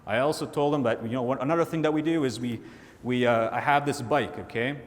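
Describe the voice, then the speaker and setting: Man telling stories in a big hall. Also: fairly quick. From Canada. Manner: animated storytelling, acts out friends' voices. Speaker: keynote speaker. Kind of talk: motivational keynote storytelling. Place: large hall with audience. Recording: hall reverb, faint rumble.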